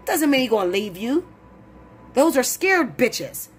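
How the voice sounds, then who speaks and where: Blunt, profane woman ranting, voice leaping high. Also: sing-song, unhurried, breathy edge, soft background music. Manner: blunt, profane, preachy, rising to shouts. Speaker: tarot reader. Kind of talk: heated monologue to camera.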